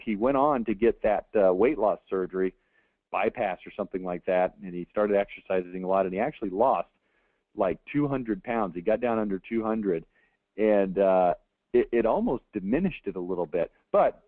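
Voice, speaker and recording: A man talks through a marketing webinar in a casual, folksy way, often checking in with his listeners. His voice sits at a middle pitch. It comes through a dry, narrow, phone-like line. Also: no room sound. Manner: conversational, folksy asides, frequent "okay?" checks. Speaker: marketing consultant presenting a webinar.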